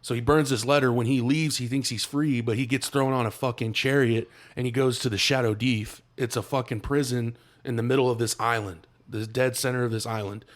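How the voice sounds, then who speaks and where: Man, podcast co-host, mid-pitched voice, loose slangy storytelling, swears a lot. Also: steady tone, a little fast, hardly any pauses. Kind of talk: casual chat, retelling a movie plot.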